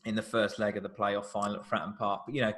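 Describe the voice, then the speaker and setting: Animated male film director telling stories. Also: lowish voice, quick pace. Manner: animated storyteller, acts out quotes, frequent restarts. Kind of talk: live Q&A conversation.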